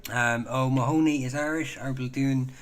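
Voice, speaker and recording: A man hosting a casual live stream, answering viewer questions in a halting way, full of ums and restarts, chatty and self-deprecating. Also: mid-range voice, fairly even intonation, very noisy.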